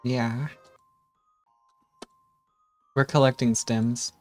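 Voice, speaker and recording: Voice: medium pitch, flat delivery, very slow, faint music behind. A co-streamer chatting casually on a livestream, giggly and self-mocking.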